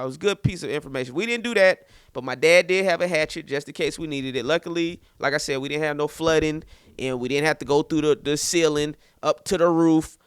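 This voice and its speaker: A man's voice: a little high, fast, clear, resonant tone, dry recording, studio quality. A man in his thirties hosting a podcast, telling a story casually and acting out quotes. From St. Petersburg, Florida. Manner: animated, loose, repeats words and acts out quotes. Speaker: podcast host and comedian.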